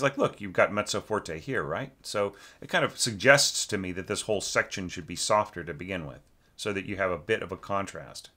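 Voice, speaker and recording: A man's voice: low-pitched, a little fast, sharp tone. A man teaching orchestration, giving a rambling, casual critique of a student's score, full of fillers and sung-out rhythms.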